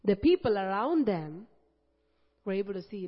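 A woman preaching a sermon, impassioned, building to loud, emphatic repetition. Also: mid-range voice, sing-song, normal speed, long pauses, husky. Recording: dull lo-fi audio with long hall reverb.

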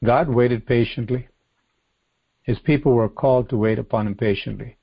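A man preaching a sermon, reading scripture aloud and explaining it earnestly, slowing down and repeating phrases for emphasis. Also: mid-range voice, vocal fry, slightly rough, dull audio. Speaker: pastor. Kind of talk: sermon, expository Bible teaching.

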